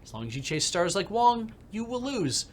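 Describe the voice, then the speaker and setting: A smug, scheming TV producer who speaks smoothly and talks down to his rival, as a man reads him aloud. The voice sits higher than usual and swings through a lively pitch range. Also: moderate pace, a little hiss or hum. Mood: condescending. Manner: smooth, condescending, lecturing.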